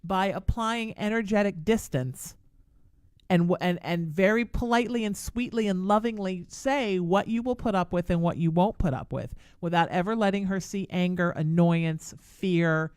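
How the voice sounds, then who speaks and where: A woman's voice: medium pitch, normal speed, a little mellow, clean tone, no echo, studio quality. A woman hosting a live call-in radio show, giving chatty, emphatic spiritual advice to callers. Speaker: radio show host and psychic.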